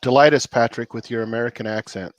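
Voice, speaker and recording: A laid-back man chats loosely on his cooking livestream, rambling from one thought to the next and chuckling often. His voice sits at an ordinary middle pitch and sounds close and dry, with almost no room around it. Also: fairly even intonation, fast talker, no echo, dull audio. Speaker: cooking channel host on a livestream. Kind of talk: casual livestream chat.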